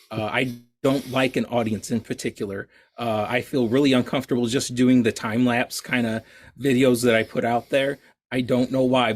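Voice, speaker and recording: A man being interviewed on a podcast, talking about his art in a rambling, self-deprecating way, with many restarts. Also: mid-range voice. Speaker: guest artist.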